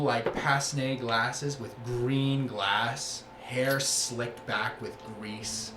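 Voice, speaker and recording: Male game master, unhurried descriptive narration, roomy room, music underneath. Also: mid-range voice. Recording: roomy sound with music bed.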